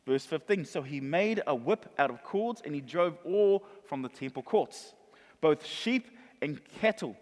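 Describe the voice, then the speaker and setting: A male pastor preaching a sermon, animated, acting out the voices of Bible figures. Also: fairly high pitch, unhurried. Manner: animated, acts out voices of crowd and Jesus. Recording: long reverb of a large hall.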